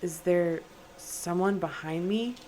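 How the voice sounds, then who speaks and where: A woman's voice: on the low side, slow, dark tone, a little hiss or hum, rough recording. A young woman streaming a horror game, reading in-game text aloud and talking through her fear. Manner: jittery, scared commentary, reads in-game text aloud. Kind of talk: gaming livestream commentary.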